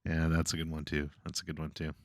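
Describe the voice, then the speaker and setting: A man's voice: rumbling low, completely flat delivery, fast, dry recording, studio quality. A man co-hosting a casual podcast, laid-back and joking, often repeating his phrases. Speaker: podcast co-host.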